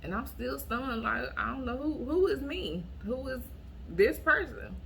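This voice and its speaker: A woman vlogger telling a dating story to her viewers in a casual, blunt and animated way, often acting out what she said in a raised voice. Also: high voice, a little slow, gravelly, a little hiss or hum.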